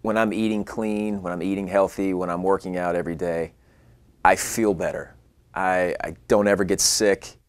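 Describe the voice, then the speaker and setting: A young man with a lowish voice tells a story about himself and lets it get animated, jumping up in pitch when he quotes his own panicked lines. The sound is dry and close to the mic. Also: moderate pace, dry recording. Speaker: actor. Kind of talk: casual storytelling. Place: California.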